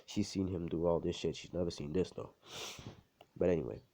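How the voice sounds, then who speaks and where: A man's voice: sits low, fairly even intonation, fairly quick, dark tone, slightly rough. A young man casually telling an improvised fan story, rambling and profane with lots of filler and slang. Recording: dull lo-fi home recording.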